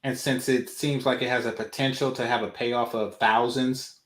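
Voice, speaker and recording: A man's voice: medium pitch, level tone, normal speed, fairly bright tone. A man co-hosting a casual reaction chat, talking loosely with many fillers. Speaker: co-host. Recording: roomy echo.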